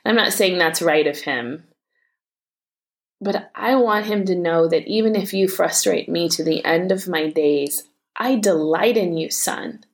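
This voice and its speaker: A woman's voice: on the low side, unhurried. A woman in her forties, a devotional host, sharing a candid, self-deprecating story about her son and praying aloud. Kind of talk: personal devotional talk with prayer.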